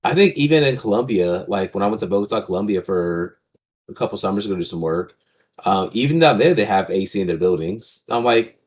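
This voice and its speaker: A man's voice: on the low side, lively intonation, brisk. A young man co-hosting a podcast, talking in a laid-back, rambling way and swearing often. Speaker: podcast co-host. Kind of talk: casual chat.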